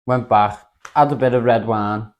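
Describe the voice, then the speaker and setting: A young man with a Scouse accent, telling a holiday story in a halting, laid-back way, repeating his words. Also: mid-range voice, lo-fi sound. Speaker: podcast co-host. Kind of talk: casual storytelling.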